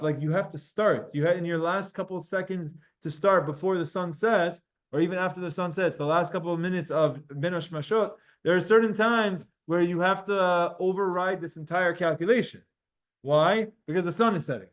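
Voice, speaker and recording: High-voiced man teaching a Talmud class. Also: a bit bright. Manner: explains texts, reading Hebrew and Aramaic aloud and translating with quick asides; speaks directly to students by name.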